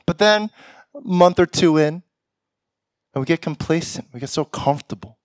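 A man's voice: high voice, normal speed, pauses often, no echo. A young man giving a sermon, often laughing and acting out the lines of people he imagines. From Korean heritage. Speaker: pastor. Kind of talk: sermon with acted-out quotes.

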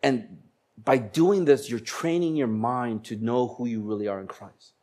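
A man preaching a sermon as a pastor, slowing down to stress key phrases and growing animated when he tells stories. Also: medium pitch. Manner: animated storytelling, bursts of laughter and acted voices; slows down for emphasis on key phrases.

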